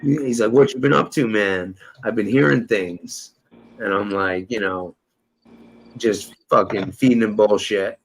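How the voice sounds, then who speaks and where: Gravelly man telling a profane tall tale. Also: fairly low pitch, measured pace, poor audio. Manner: rambling, profane, acts out quoted dialogue. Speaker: storyteller guest. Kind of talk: casual profane storytelling.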